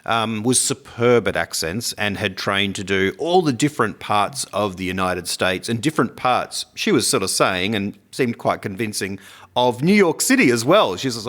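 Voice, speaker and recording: Brief: male podcast co-host, lowish voice, chatty and playful, mimics accents. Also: moderate pace. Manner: animated, playfully mimics accents, laughs often. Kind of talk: casual chat.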